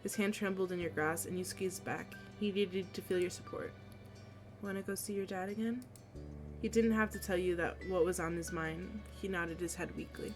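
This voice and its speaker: A woman's voice: on the low side, steady tone, normal speed, few pauses, music in the background. Young woman streamer reading a story game. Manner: emotional, casual asides between narration. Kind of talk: reading a visual novel aloud on a live stream.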